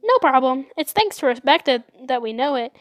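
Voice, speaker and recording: A young woman voicing a loud little schoolboy who blurts things out. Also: very high voice, lively intonation, brisk, no room sound, clean studio sound. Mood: blurting.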